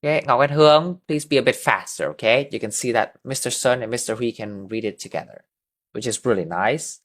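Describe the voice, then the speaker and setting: A man leads an English lesson over a video call. He is patient and stretches key words out slowly so students can repeat after him. His voice sits at an ordinary pitch for a man. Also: a bit bright. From Vietnam. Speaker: English teacher. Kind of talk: online class instruction.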